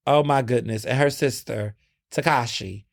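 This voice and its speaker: A young man hosting his own podcast, chatting casually and dramatically, with sudden jumps up in pitch. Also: normal speed, vocal fry. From United States. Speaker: podcast host. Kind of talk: casual solo commentary.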